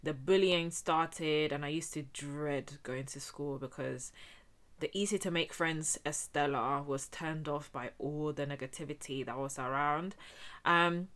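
Low, bright-voiced young woman telling her story. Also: measured pace. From Spain. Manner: chatty, slangy, addresses viewers directly. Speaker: vlogger. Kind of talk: casual personal storytelling.

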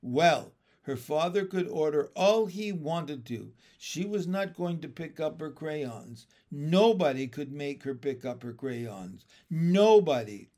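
Male storybook reader, slightly high voice, expressive and lively. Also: slow pace, hardly any pauses. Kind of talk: reading a children's book aloud.

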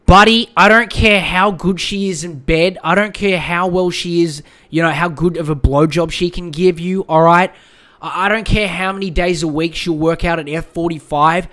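Man, podcast host, high voice, blunt advice, swears a lot, rambling, casual. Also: fairly bright tone. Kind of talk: casual solo podcast, reading a listener letter.

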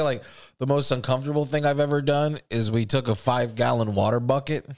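A young man in a laid-back podcast chat with a plain, mid-pitched voice. He tells his stories with energy and swears freely as he goes. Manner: profane, animated storytelling. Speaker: podcast co-host. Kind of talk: casual chat.

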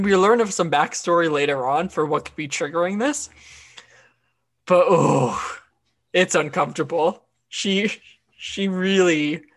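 A woman co-hosting a podcast, recapping an episode in casual chat with lots of fillers and restarts. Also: fairly low pitch. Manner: chatty, frequent fillers and restarts. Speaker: podcast co-host.

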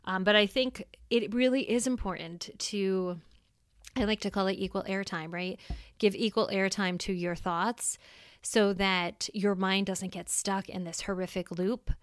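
A woman's voice: medium pitch, fairly even intonation, unhurried, dry recording, studio quality. A middle-aged woman hosting a solo podcast, talking candidly and reflectively in a casual, plainspoken way. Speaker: podcast host.

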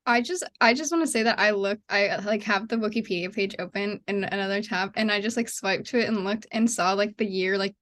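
A woman's voice: mid-range voice, a little fast, hardly any pauses, a bit bright. A young woman co-hosting a podcast, chatting casually in a playful, slangy way and laughing often. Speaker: podcast co-host. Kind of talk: casual chat.

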